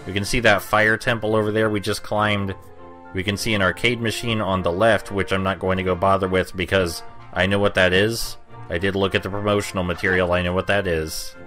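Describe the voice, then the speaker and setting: Young male let's-play narrator, low voice, dry sarcastic rambling, soft game music underneath. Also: flat delivery, fairly quick. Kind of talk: gameplay commentary.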